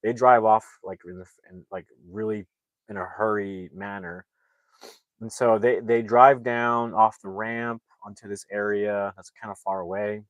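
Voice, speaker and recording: A man's voice: fairly low pitch, fairly even intonation, unhurried, dry recording. A man recapping a movie plot in a casual, rambling way, full of fillers and restarts. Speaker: movie reviewer.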